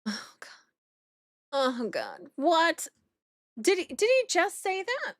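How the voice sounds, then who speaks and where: A woman's voice: very high-pitched, huge pitch swings, slow, a bit bright, no room sound, studio quality. A woman streaming live, reacting aloud with lots of exclaiming and swearing and talking to her chat.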